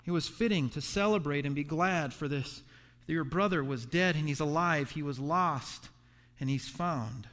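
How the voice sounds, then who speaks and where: A man preaching a sermon as a pastor, animated and voicing the characters in the story. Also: on the high side, moderate pace. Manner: animated preaching, acts out the sons' voices. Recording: echoey hall reverb.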